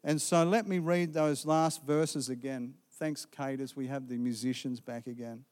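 A man's voice: medium pitch, normal speed. A man preaching a sermon, earnestly retelling a conversation and its back-and-forth dialogue. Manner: earnest, retelling dialogue with lively quoted exchanges. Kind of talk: sermon testimony storytelling. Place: church sanctuary. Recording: long hall reverb.

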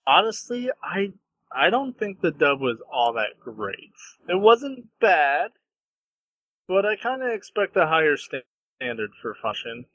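A young man co-hosting a podcast in casual chat, easygoing, hesitant, and quick to give his opinion. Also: a little high, sing-song, pushed and bright, no echo, poor audio. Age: young adult. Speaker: podcast co-host.

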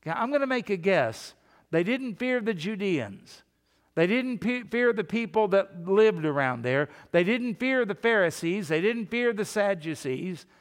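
A man preaching a sermon as pastor, in a folksy, animated storytelling way. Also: sits high, unhurried, long reverb tail.

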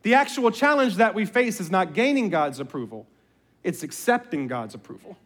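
High-voiced pastor in a reverberant hall. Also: male voice, normal speed. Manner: animated storyteller, jokes and voices family members. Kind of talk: sermon with personal stories.

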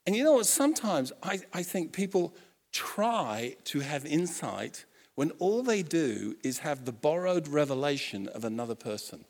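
Guy preaching, super lively ups and downs, tells stories and acts out the voices, echoey hall. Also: fairly high pitch, normal speed. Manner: animated storytelling, acts out quotes, self-correcting restarts. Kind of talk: sermon. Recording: long hall reverb.

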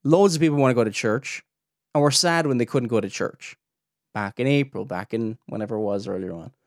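A man hosting a podcast, giving pointed, animated critical commentary with rhetorical questions. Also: medium pitch, a little fast, no room sound, studio quality. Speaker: podcast host reviewing a preacher's clips.

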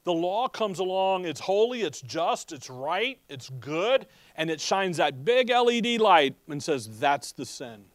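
A man preaching a sermon, asking his listeners questions and answering them himself, with swings between emphatic bursts and quiet asides as he reads scripture aloud. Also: high-pitched, big pitch swings, unhurried, hardly any pauses, dry recording. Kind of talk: expository sermon.

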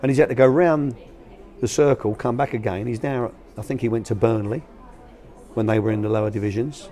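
An older man, a former youth academy manager appearing as a guest, answers interview questions by telling anecdotes about coaching young players. His mid-range voice is mellow and a little fast, and his casual, colloquial delivery includes acting out the voices he quotes.

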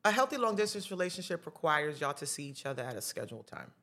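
A middle-aged woman with a New York accent speaks as a podcast guest. Her voice sits a little low, and she talks bluntly and with plenty of life. Her tone stays casual. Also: quick pace. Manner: blunt, animated, outspoken. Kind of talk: casual chat.

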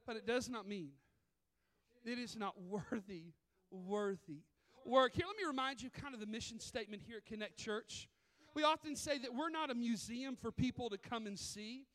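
A male pastor with a very high voice, speaking at normal speed, gives a sermon in the church sanctuary. He's animated, weaving in stories and performing the voices of the people in them.

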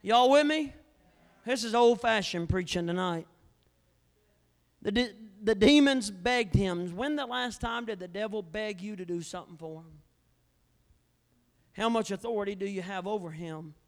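A male evangelist preaching a fiery revival sermon in a church, swinging between loud declarations and hushed asides. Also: sits high. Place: church sanctuary. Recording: long church hall reverb.

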